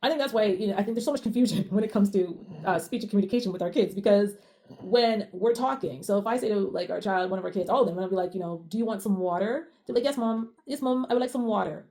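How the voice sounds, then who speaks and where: A Canadian woman chatting casually with her husband, animated and quick to laugh. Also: mid-range voice. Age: adult. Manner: animated, laughs often, acts out other people's voices. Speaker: co-host. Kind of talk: casual chat.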